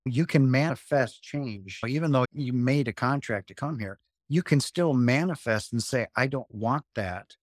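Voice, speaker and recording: A man's voice: mid-range voice, moderate pace, hardly any pauses, no echo, clean studio sound. A man in his fifties, a guest talking earnestly about spiritual experiences and repeating phrases for emphasis. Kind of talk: spiritual interview talk.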